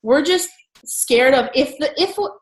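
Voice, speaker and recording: A woman hosting an entrepreneur meetup, talking in a chatty, animated way with lots of fillers. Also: sits high, a little slow, roomy sound, slight background noise, rough recording. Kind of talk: casual group chat.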